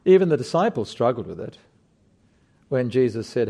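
A middle-aged man preaching a sermon, emphatic and deliberate, putting rhetorical questions to his congregation. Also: mid-range voice, big pitch swings, gravelly, mellow.

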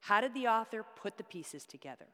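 A woman's voice: on the high side, expressive, fairly quick, a bit bright. A woman teaching a Bible study class, explaining step by step with props and asking the class questions. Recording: long hall reverb.

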